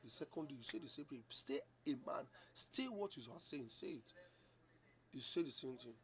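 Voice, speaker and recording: A man teaching a Bible study in an animated, repetitive way, acting out little dialogues. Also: medium pitch, normal speed.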